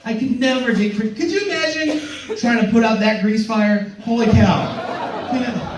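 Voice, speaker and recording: Male stand-up, high-pitched and animated, stammering crowd-work style; roomy, distant club recording. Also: normal speed, noisy background. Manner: rambling, stammering restarts, playful crowd banter. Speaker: stand-up comedian headlining. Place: comedy club stage. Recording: roomy club sound from far off.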